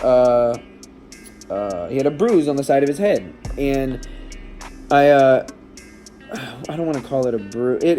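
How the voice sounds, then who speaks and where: A man's voice: medium pitch, dark tone. A man telling a personal story in a casual vlog, shaken and emotional, with many restarts and fillers. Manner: rambling, with frequent restarts and fillers. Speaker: vlogger and stepdad.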